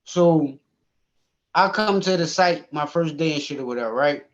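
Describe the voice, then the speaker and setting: Man, casual podcast chat, animated and profane, slightly higher voice, dull lo-fi sound. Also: moderate pace. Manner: animated, profane, laughs often. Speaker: podcast co-host.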